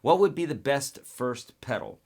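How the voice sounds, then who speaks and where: Man, guitar teacher, live online Q&A, casual and blunt, mid-pitched voice, guitar in the background. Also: lively intonation, unhurried, darkish tone, breathy edge. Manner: casual, direct, frequent "okay?" check-ins. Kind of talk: live webcast Q&A.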